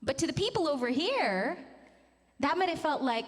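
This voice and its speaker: In a large conference hall with long reverb, a vocal coach in her thirties demonstrates sounds and gently draws the group into singing. She has a high, sing-song voice and talks at a normal speed.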